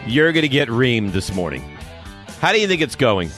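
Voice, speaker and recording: A man's voice: on the high side, wildly swooping pitch, fairly quick, pushed and bright, faint music behind. A man co-hosting a sports radio show, bantering and laughing, breaking into dramatic mock growls. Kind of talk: casual studio banter. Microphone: studio microphone.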